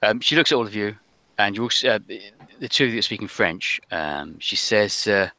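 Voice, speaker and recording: A man narrating a tabletop adventure as game master, unhurried and full of ums and uhs. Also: fairly low pitch, expressive, bright, forceful tone, dry recording.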